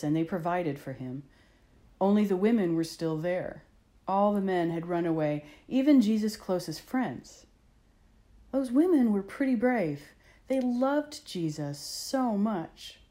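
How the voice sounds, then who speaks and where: A woman's voice: fairly low pitch, mellow. A woman telling a Bible story to children with expression, asking the listener questions along the way.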